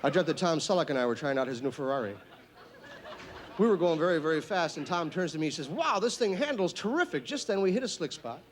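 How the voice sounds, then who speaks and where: A male stand-up comedian doing a routine on a TV stage, talking in a deliberate, emphatic, mock-instructional way. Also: fairly high pitch, slight background noise. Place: TV studio stage with live audience.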